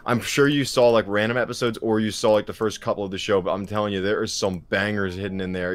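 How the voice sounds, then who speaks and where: A man chatting casually and excitably, often breaking into quoted cartoon lines. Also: lowish voice. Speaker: streamer. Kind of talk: casual chat.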